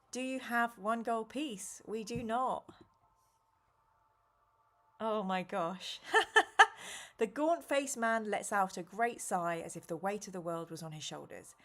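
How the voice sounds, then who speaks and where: Animated woman reading a gamebook on stream. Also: medium pitch, a little slow. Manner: animated, exclaiming and reacting to chat. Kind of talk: live-stream gamebook reading with chat banter.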